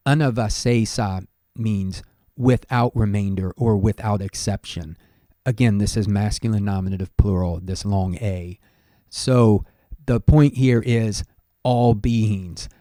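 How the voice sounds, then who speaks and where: Low-voiced man patiently teaching Pali. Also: dark tone, dry recording, clean studio sound. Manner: measured, scholarly, thinking aloud with pauses. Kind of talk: explanatory lesson monologue.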